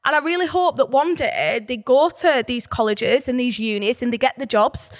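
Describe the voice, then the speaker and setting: Northern English woman, animated podcast co-host, high bright voice, passionate teacher talk. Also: normal speed. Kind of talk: casual podcast chat.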